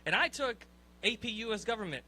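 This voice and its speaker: A young man doing a profane, animated stand-up set, ranting in disbelief and laughing at his own lines. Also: sits high, a little fast. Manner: profane, animated, incredulous rants with frequent laughs. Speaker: stand-up comedian. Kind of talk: stand-up set at an open mic.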